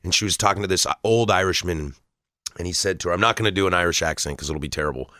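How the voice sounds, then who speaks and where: A man co-hosting a casual beer tasting chat, animated and telling stories. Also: sits low, quick pace, no room sound, studio quality. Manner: animated, tells stories and jokes.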